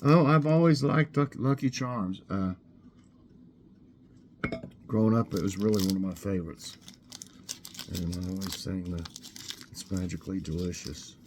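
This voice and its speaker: A man's voice: fairly low pitch, a little slow, long pauses, background noise. A man hosting a casual snack review show, chatting easily and eating as he talks. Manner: relaxed, chatty, eats while talking.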